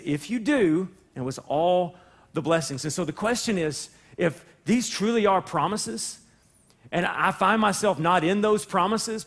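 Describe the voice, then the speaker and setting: A man delivers a sermon in a relaxed, conversational way, pitched noticeably high for a man. He jokes at his own expense and slips into little acted-out exchanges between people and God. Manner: conversational, self-deprecating humor with quick laughs; acts out voices of people and God in dialogue. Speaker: pastor.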